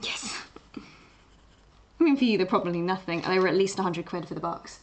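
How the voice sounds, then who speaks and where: Her voice is on the low side and expressive, moving at normal speed. She's a young English livestream art host with an Essex-tinged accent, casually chatting at home as she draws, rambling with fillers and restarted sentences.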